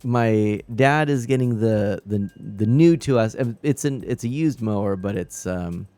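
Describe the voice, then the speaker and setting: A man's voice: fairly low pitch, unhurried, dark tone, no room sound, faint music behind. A man hosting a live stream, telling a rambling, easygoing story in casual chat.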